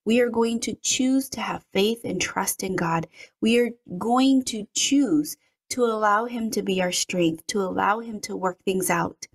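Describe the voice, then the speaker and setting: A woman reading a devotional and giving commentary, praying and reading scripture in an earnest, measured way. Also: mid-range voice.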